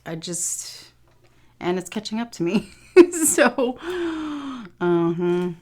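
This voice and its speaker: A woman's voice: on the low side, very animated, slow pace, a little mellow. A tired woman talking candidly to her viewers in a casual home food vlog, swearing freely and often saying "you guys". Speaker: food vlogger.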